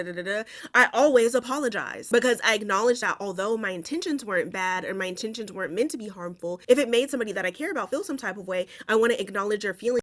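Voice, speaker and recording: A woman's voice: a little high, a bit bright. A young woman recapping a film in casual commentary, blunt and profane, with lots of "like"s. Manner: chatty, with many "like"s. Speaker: movie commentator.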